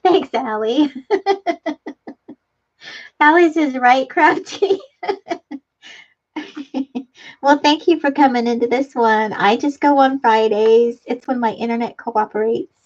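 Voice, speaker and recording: A woman's voice: sits high, slow pace, long pauses. A middle-aged woman hosting a casual live stream, chatting and reading comments aloud, laughing often. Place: home craft room. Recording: dull lo-fi live-stream audio.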